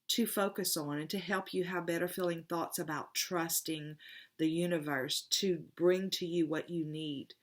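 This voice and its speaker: A woman's voice: on the low side, fairly bright tone. A middle-aged woman, a tarot reader telling a personal story in a rambling, heartfelt, emotional way in a casual spiritual vlog.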